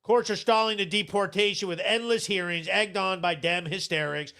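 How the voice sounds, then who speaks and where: A man's voice: sits high, moderate pace, few pauses, pushed and bright. A man hosting a live show, ranting bluntly and sarcastically in casual commentary, swearing freely. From Vermont.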